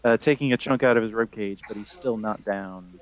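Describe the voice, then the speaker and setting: A man running a tabletop game as game master, narrating the action in a relaxed, chuckling way. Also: lowish voice, fairly quick, low-quality recording.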